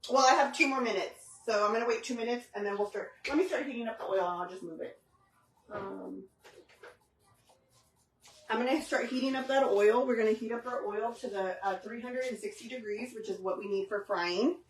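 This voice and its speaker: A woman's voice: on the high side, a little fast, poor audio. A woman hosting a casual live cooking stream from her home kitchen, chatting with viewers and dropping in Spanish words. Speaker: cooking livestream host.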